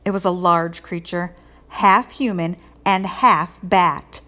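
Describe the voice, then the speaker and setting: A woman reading a children's picture book aloud in an expressive, lilting storytelling way. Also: lowish voice, takes it slowly. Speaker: read-aloud host.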